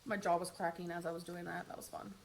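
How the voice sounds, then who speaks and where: A woman's voice: fairly low pitch, level tone, fast, creaky, slight background noise. A woman chatting through her makeup routine in a get-ready-with-me vlog, upbeat and talkative, with wry sarcastic asides. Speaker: beauty vlogger.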